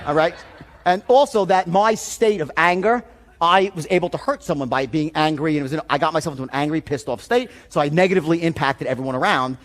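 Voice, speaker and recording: A man giving a seminar talk as a sales trainer, telling stories in an animated, profane way. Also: fairly high pitch, quick pace.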